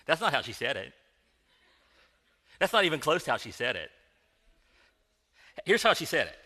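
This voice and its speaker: A man's voice: on the high side, sing-song, normal speed, pauses often, bright, forceful tone, in a large hall. A man preaching in a conversational, joking style, speaking directly to his congregation in a church sanctuary. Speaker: pastor. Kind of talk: sermon.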